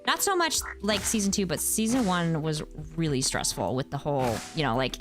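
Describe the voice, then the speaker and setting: Woman in her thirties, game streamer, casual chatty talk, lively exclamations, soft music underneath. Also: deep voice, normal speed. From United States. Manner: chatty, answers chat, animated exclamations. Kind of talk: casual chat while gaming.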